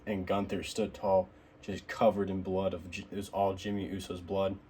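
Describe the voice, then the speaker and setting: A young man with a lowish voice talks through a casual recap vlog, excited and rambling, often stopping to restart a phrase. A faint noise sits under the recording. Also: normal speed. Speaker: wrestling figure collector recapping the week.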